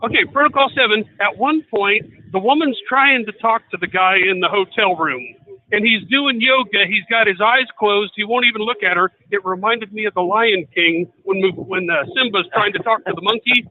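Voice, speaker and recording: A man chatting on a live talk stream, animated and climbing higher when worked up. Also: normal speed, a little hiss or hum. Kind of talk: casual talk show banter. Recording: tinny phone-like line.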